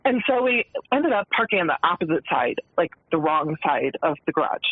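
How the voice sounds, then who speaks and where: A woman's voice: low voice, big pitch swings, brisk, slightly rough, no room sound. A woman calling in to a radio show, telling a funny story in a chatty way with frequent laughs. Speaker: caller. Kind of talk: phone-in storytelling. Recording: tinny phone line.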